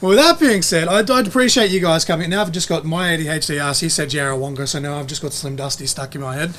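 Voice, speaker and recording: A man's voice: fairly high pitch, quick pace, fairly bright tone. An Australian man co-hosting a podcast, chatting casually, rambling and repeating himself with casual swearing. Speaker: podcast co-host. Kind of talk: casual chat. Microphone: podcast mic.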